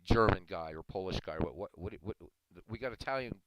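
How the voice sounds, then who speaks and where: A man's voice: sits low, animated, a little fast, no echo, rough recording. A man putting on the voice of a nagging old grandmother who keeps asking scolding, repeated questions. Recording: loud background noise.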